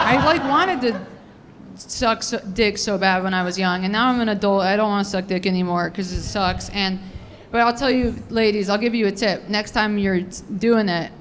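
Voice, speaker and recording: A young woman doing a stand-up comedy set, crude and unfiltered, rambling with lots of "dude" and "like", her voice a little raspy. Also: medium pitch, steady tone, brisk. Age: young adult.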